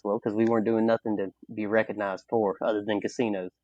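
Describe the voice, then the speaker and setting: A young Southern man with a Mississippi accent, hosting a podcast in relaxed conversation. He talks with emphatic, animated energy and leans on "like" as a filler. The recording is dry and a little dull. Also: on the low side, fast talker, no room sound. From Mississippi, USA. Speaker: podcast host. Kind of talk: casual podcast chat.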